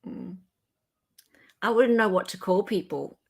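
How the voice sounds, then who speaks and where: Playful woman co-host; casual, laughs a lot, mid pitch. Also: a little slow, husky. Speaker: livestream co-host. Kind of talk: casual chat.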